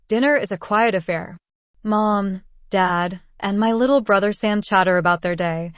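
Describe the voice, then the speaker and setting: Brief: female audiobook narrator, measured and steady storytelling read, middle-pitched voice. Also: dry recording. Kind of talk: scripted first-person narration.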